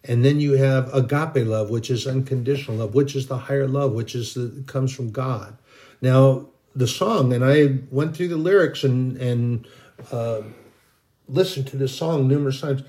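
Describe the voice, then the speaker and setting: A man's voice: mid-range voice, moderate pace, dark tone. A middle-aged man giving an informal, rambling sermon, earnest and full of restarts. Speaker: Christian video preacher.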